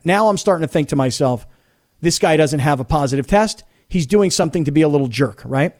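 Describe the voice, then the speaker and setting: Middle-aged male radio host, high voice, indignant storyteller. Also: animated, fairly quick, a little mellow. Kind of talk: sports radio talk.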